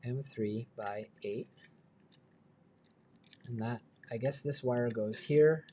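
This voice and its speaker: A man's voice: mid-range voice, slow pace, mellow, slight background noise. A man hosting a livestream, thinking aloud as he works and making self-deprecating asides in a chatty way. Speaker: livestream host. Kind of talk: live build stream, thinking aloud.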